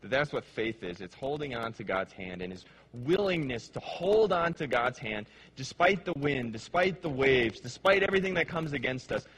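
A male pastor preaching a sermon with passion, dropping to hushed, slow phrases and then rising to emphatic ones. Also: medium pitch, expressive, a little hiss or hum. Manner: impassioned, swings between hushed and emphatic.

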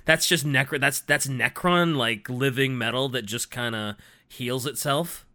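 A man co-hosting a casual podcast, reacting excitably with exclamations and laughs. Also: medium pitch, a little slow. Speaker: podcast co-host.

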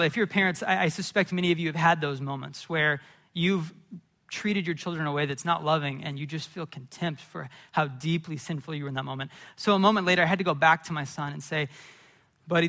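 A man in his thirties preaching a sermon, telling personal stories earnestly and acting out retold scenes with animated, rising voices. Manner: earnest storytelling, building to animated, high-pitched retellings. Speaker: pastor.

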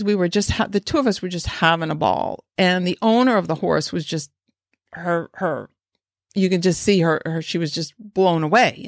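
A woman's voice: fairly low pitch, no room sound. Chatty woman horse trainer, dry sound. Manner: rambling, restarts often, asks listeners many questions. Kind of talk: instructional talk.

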